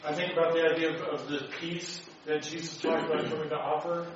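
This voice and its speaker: A man's voice: a little high, little pitch movement, fairly quick, a little hiss or hum. A man leading a Bible study, teaching a group and putting rhetorical questions to them. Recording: dull echoey room recording.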